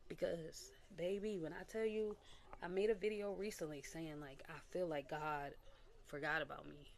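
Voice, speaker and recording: A woman's voice: sits low, normal speed, creaky, slight background noise. A young adult woman sharing a candid personal testimony as a casual vlog, talking animatedly and acting out what people said. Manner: candid and animated, with quoted voices and little laughs. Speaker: vlogger.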